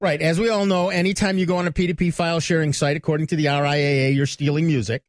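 Man, radio host, high voice, dry studio sound, chatty banter. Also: little pitch movement, quick pace, no echo. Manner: chatty, reads news items then banters. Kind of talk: casual tech talk radio.

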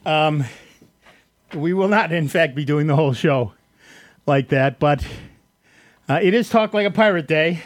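Chatty high-voiced radio tech host. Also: male voice, a little slow, long pauses. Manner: chatty, rambling, explains step by step. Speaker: radio computer show host. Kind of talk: call-in radio tech advice. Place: radio studio. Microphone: studio microphone.

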